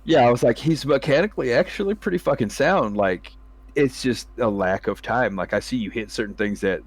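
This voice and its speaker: A man in a loose, profane gamer chat who laughs a lot. He keeps slipping into the lines he would throw at a teammate who misses, with a voice of middling pitch. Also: expressive, a little fast, dry recording. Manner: profane, laughs often, acts out what he'd say to teammates. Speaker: podcast host and gamer. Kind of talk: casual chat.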